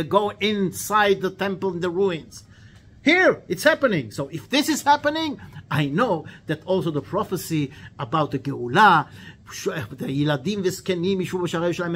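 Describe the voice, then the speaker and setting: A man voicing an ancient sage, an elderly man who is hopeful and joyful and explains calmly, as he retells a story in a lesson. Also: sits high.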